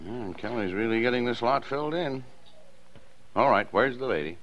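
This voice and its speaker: An actor playing a patient small-town father in a 1940s radio play, talking gently and mildly teasing. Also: medium pitch, expressive, normal speed, natural voice. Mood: fond. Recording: dull, hissy 1940s radio broadcast.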